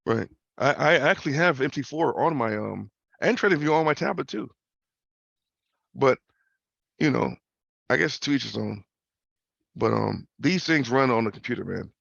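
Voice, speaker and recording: A man's voice: mid-range voice, expressive, normal speed, gravelly, long pauses, fairly bright tone, no room sound. A man hosting a casual trading talk over a video call, loose and slangy, repeating himself and tagging questions onto his points. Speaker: host. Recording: muffled video call audio.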